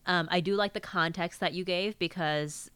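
A woman co-host in casual studio chat who is a naturally fast talker, giving feedback. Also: on the low side, fairly even intonation, fairly bright tone, clean tone, no room sound.

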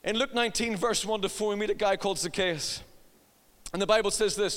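Humorous preacher in a reverberant hall. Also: male voice, high voice, brisk, a bit bright. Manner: humorous storyteller, acts out voices, laughs at own jokes. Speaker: pastor. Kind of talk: sermon with personal anecdote.

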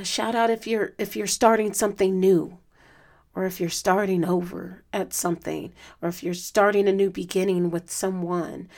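A woman's voice: mid-range voice, creaky. Earnest, strained woman podcast host. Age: adult student. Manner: earnest, reflective, emotional, with many fillers. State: strained voice from lack of sleep. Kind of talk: casual solo podcast talk.

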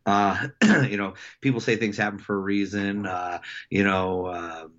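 A middle-aged man with a very low voice tells a story in a relaxed interview. He stumbles and restarts often, leaning on fillers. The recording sounds muffled and lo-fi. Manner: halting, many fillers and restarts. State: emotional. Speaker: coach. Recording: dull lo-fi sound.

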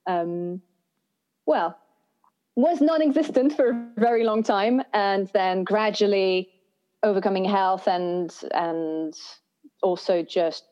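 A woman's voice: medium pitch, slow pace, mellow. Woman guest, voice and breath coach; reflective and earnest; muffled, lo-fi recording. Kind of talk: conversational interview answers.

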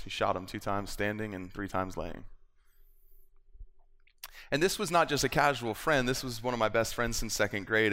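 Low-voiced preacher in an echoing church. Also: male voice. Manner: storytelling, swings from hushed to fervent. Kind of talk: testimony sermon. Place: church sanctuary. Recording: long hall reverb in a church.

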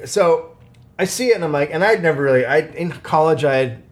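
A man co-hosting a podcast, telling rambling stories in casual chat, swearing a lot and breaking into animated quoted outbursts. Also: a little high, a little fast. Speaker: podcast co-host.

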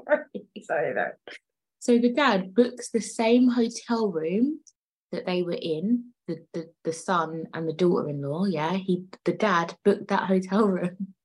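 A woman hosts a loose, chatty solo podcast in a low, husky voice. She wanders off topic, swears freely and laughs often as she goes. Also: lively intonation, unhurried, low-quality recording. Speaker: podcast host. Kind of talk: casual solo podcast chat.

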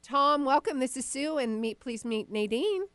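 A woman's voice: high voice, expressive, moderate pace, fairly bright tone, clear, resonant tone, dry recording, soft background music. Chatty woman hosting a psychic radio show. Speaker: psychic medium host.

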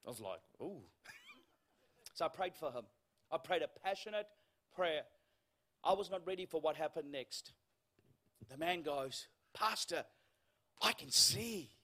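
A man preaching a sermon in a church, telling a funny story and acting out the lines of the people in it, with quoted voices sinking to a hush. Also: on the high side, animated, a little slow, long pauses. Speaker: guest preacher.

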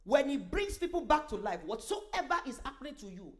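Woman preaching a testimony story, high voice, full of exclaims and asides. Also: fairly quick, soft background music. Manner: animated, emphatic, with exclamations and asides.

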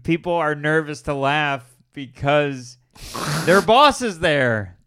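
A man's voice: on the high side, lively intonation, fairly bright tone, clear, resonant tone, dry recording, clean studio sound. Punning man in casual chat. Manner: quick punning interjections and short agreements.

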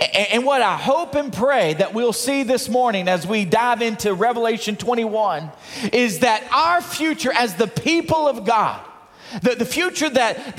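A man preaching a sermon as pastor, loud and emphatic, reading scripture and praying with a congregation. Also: extremely high pitch. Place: church sanctuary. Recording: long hall reverb.

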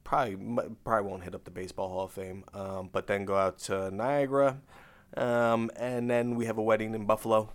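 Low flat-voiced American man. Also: a little fast. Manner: relaxed, low-key, dry understatement. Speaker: podcast co-host. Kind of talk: casual chat.

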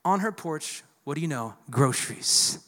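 A man's voice: a little high, lively intonation, normal speed, pushed and bright. A man preaching a sermon to a church congregation, emphatic and calling for responses from the crowd. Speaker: pastor. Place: church sanctuary. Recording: long hall reverb.

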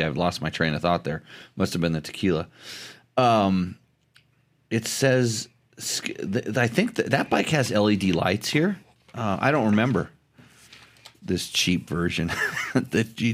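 Low-voiced rambling male podcast host. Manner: rambling, halting, many restarts. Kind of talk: casual chat about motorcycles.

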